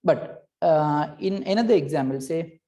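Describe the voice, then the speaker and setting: A woman's voice: deep voice, unhurried, mellow. A woman teaching a recorded lesson, patiently explaining and checking in with "right?" between points, with hesitant restarts.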